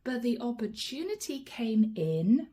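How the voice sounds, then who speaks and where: A woman delivers a channeled tarot reading, talking straight to the listener and calling them by their star sign. Her voice sits a little high but sounds deeply mellow and warm. She keeps the talk animated, then drops to a near whisper each time she names a card. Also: unhurried. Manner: drops to a soft whisper when naming cards. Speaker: tarot reader.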